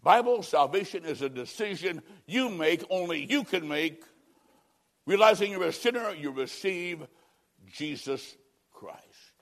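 Preaching evangelistically, this man uses an expressive, unhurried delivery with a slightly high voice. His lines rise to loud emphasis, then drop to near-whispers at the end.

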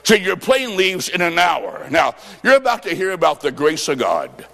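A fervent evangelist man preaching in a big hall, his fairly high voice ringing out with a long echo. He shouts his points and tells stories in quoted dialogue, sometimes drawing words out almost into song. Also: huge pitch swings, normal speed, creaky. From Illinois, United States. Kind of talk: revival sermon.

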